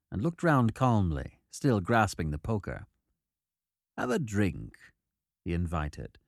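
Expressive male audiobook narrator. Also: lowish voice, dry recording, studio quality. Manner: expressive storytelling, doing character voices. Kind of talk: audiobook narration of a period novel.

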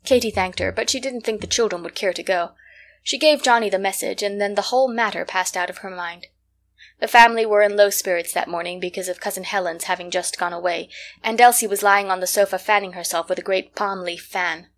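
A woman's voice: mid-range voice, steady tone, brisk. Woman reading a classic novel aloud. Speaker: reader. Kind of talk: scripted narration of a classic novel.

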